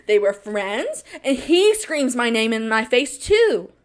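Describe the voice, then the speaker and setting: Young woman podcast host with a high voice: casual, dramatic storyteller who repeats lines and laughs a lot. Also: big pitch swings, slow pace, a little hiss or hum. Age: young adult. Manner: dramatic, repeats phrases for emphasis, laughs often.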